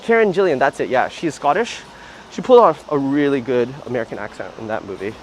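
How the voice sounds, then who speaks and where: A man's voice: mid-range voice, animated, quick pace, slight background noise, rough recording. A man hosting a casual livestream outdoors on city streets, chatting in a rambling way with lots of fillers. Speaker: livestream host.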